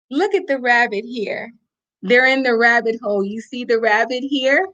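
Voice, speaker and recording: A middle-aged woman reading a picture book aloud to children, slow and expressive, pointing out the pictures. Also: fairly high pitch. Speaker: storyteller.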